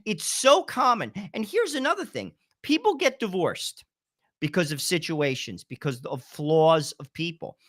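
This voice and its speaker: Man co-hosting a talk show, lecturing, bright and lively, dry room. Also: on the high side, dry recording. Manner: lecturing, deliberate. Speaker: co-host. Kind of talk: political talk show commentary.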